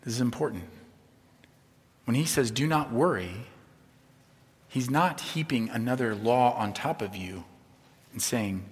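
Male pastor, sermon delivery, conversational with humor, soft-to-emphatic swings, long hall reverb. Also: mid-range voice, normal speed.

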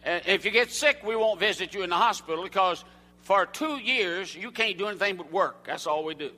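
A man's voice: high voice, lively intonation, brisk, bright, forceful tone, long reverb tail. An older man with a Southern American accent, preaching a folksy sermon to a church congregation and asking them questions. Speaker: evangelist. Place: church sanctuary.

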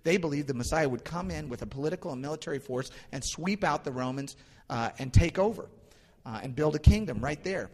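A man's voice: a little high, expressive, brisk, darkish tone. A man preaching a sermon in a conversational, storytelling way, with frequent restarts. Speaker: pastor. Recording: long hall reverb.

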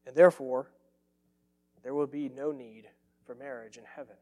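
A man's voice: medium pitch, fairly even intonation, normal speed, a little mellow, big-room sound. A man preaching a sermon as pastor, earnest and emphatic, repeating phrases for stress.

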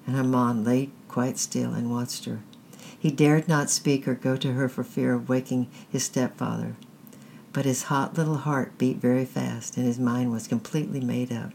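A storyteller reading a children's story aloud in a measured, deliberate way. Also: mid-range voice, fairly even intonation, vocal fry, dark tone, slight background noise. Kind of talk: scripted narration of a children's story.

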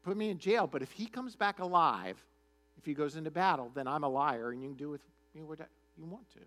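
A man preaching, putting on a blunt, sometimes sarcastic prophet who speaks lower and quieter. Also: lively intonation, fairly quick.

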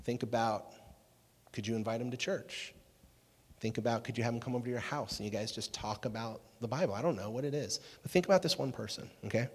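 A man preaching to a youth group, energetic and jokey, chatting with the crowd. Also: medium pitch, quick pace, husky. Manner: energetic, jokey, talks with the audience. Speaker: youth pastor. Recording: long reverb of a hall.

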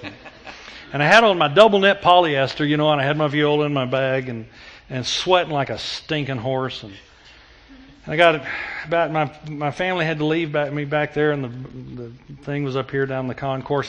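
A middle-aged man preaching a sermon, telling stories and moving between loud emphatic passages and hushed, intimate ones. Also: medium pitch. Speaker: pastor.

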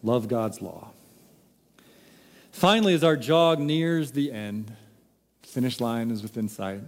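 A man's voice: medium pitch, animated, takes it slowly, long reverb tail. A man preaching a sermon, emphatic and full of rhetorical questions. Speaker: pastor.

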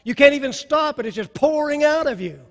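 A male pastor preaches with a high, ringing voice, pushing his lines out with fervor and then pulling back to a hush. Long reverb from a large hall trails every phrase. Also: animated, brisk. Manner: impassioned preaching that swings from soft to loud. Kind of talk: sermon.

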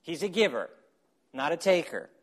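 A man preaching a sermon as pastor, animated, acting out quotes and dropping to quiet asides. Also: fairly high pitch, normal speed, husky.

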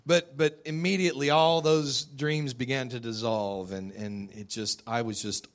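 A man telling his own story to a gathered audience, speaking in an everyday conversational way. He slips in self-deprecating jokes and laughs often. His voice sits at an ordinary middle pitch. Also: steady tone, measured pace. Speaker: speaker sharing a personal testimony.

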